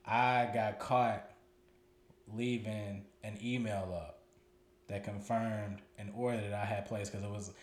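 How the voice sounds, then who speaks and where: A man's voice: on the low side, level tone, slow pace. A man, co-hosting a podcast and telling a personal story in a loose, profane way, repeating words as he gathers his thoughts. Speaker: podcast co-host. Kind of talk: candid storytelling chat. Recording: roomy echoey room.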